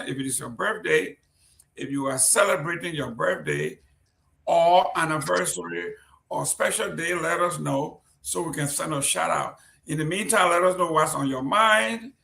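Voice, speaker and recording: A man's voice: sits high, vocal fry, pushed and bright. A man from Liberia hosting a live-streamed talk show, chatty and joking as he reads out viewers' greetings. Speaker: host. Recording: roomy echo.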